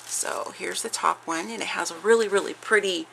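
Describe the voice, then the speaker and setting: Woman, gravelly bright voice, gushing haul chat, faint room hum behind. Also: medium pitch, moderate pace, poor audio. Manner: gushing, chatty, many fillers and restarts. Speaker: craft vlogger showing a haul. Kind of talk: casual show-and-tell chat.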